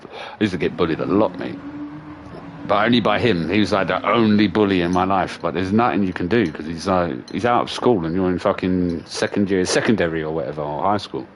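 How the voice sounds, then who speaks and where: A gaming streamer tells stories in a casual, profane rant, laughing as he goes and staying animated throughout. His voice sits low and moves fairly quickly, with a little hiss or hum in the recording.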